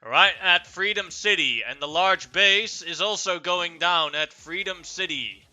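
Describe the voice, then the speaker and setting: A man narrating and ruling as game master of a tabletop game, in a relaxed, matter-of-fact way. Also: high voice, measured pace.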